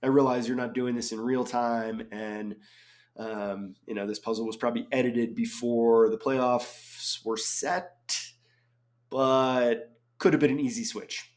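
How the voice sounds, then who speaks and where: A man in his forties talks his way through a crossword on his own, in a middle-pitched voice. He is chatty and digressive and thinks out loud, with many ums and small asides between clues. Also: fairly even intonation, measured pace. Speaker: crossword solver. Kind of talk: casual solo commentary while solving.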